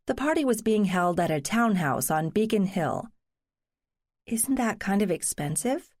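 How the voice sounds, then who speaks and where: A woman narrating a mystery audiobook in a measured, even reading voice. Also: on the low side, no room sound, clean studio sound. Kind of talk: scripted narration.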